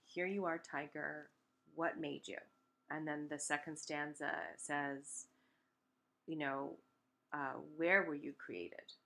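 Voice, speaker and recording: A woman with a notably low voice walks through a poem in an unhurried lecture. She explains as she goes, stopping often on ums and restarting her sentences mid-thought. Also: a bit bright. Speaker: literature lecturer. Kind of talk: recorded lecture.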